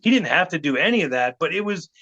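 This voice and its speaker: Middle-aged man, podcast guest storyteller; bright, slightly high voice, animated delivery, muffled lo-fi sound. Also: fast talker. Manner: animated, acts out quotes of others. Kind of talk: storytelling anecdote. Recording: dull lo-fi podcast audio.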